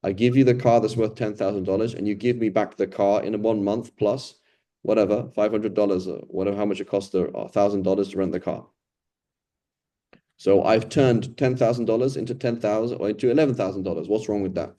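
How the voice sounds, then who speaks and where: Mellow-voiced man teaching a casual Quran lesson. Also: on the low side, fairly even intonation, a little fast. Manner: conversational, often ends points with "right?"; acts out quoted complainers and beggars.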